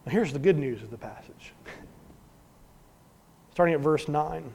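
A man preaching a sermon as pastor, earnest, swinging from emphatic to hushed. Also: on the high side, slow, gravelly, slightly rough. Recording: long hall reverb.

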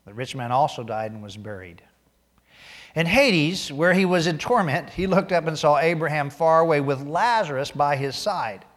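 A man preaching a sermon, reading scripture aloud and growing loud and emphatic as he drives points home. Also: a little high, animated, normal speed, long reverb tail. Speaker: pastor.

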